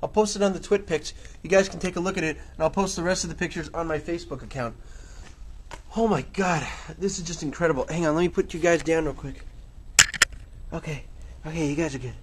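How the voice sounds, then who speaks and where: A man vlogging outdoors in a snowstorm, excitable and rambling, out of breath, talking into a handheld camera mic. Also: fairly high pitch, brisk, noisy background.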